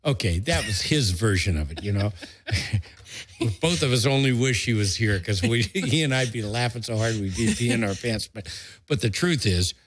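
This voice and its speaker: A man's voice: medium pitch, normal speed, no echo. An older man telling a family story casually, acting out what people said with a jump in his voice and a few curse words. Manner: lively storyteller who acts out quotes in a raised voice and swears freely. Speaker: storyteller guest. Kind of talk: casual anecdote told to a relative.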